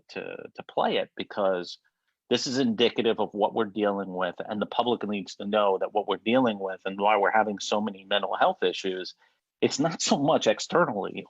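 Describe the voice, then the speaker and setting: Blunt, low-voiced swearing man. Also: no echo, dull audio. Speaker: podcast host. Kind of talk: casual podcast chat.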